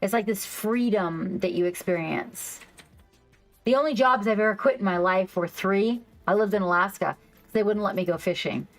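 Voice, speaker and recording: A woman hosting a casual livestream, rambling excitedly and reacting to her chat. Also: medium pitch, moderate pace, low-quality recording. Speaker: livestream host. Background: faint background music.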